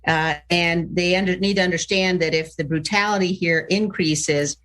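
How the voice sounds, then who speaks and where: A woman speaks formally in a low voice as a politician. She talks in a measured, hesitant way and pauses on fillers. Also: fairly even intonation, fairly bright tone. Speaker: politician in archive clip.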